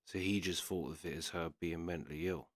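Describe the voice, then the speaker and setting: A man's voice: low-pitched, steady tone, fairly quick, no echo, studio quality. A man, a reaction video host, casually retelling a friend's story and quoting him with constant "he's like".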